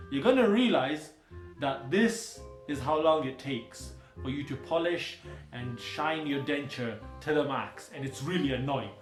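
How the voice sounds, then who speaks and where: A man's voice: mid-range voice, lively intonation, unhurried, music in the background. Playful man in an echoey room. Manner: playful, jokey, explains patiently. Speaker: dentist and channel host. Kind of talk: casual meme reaction chat.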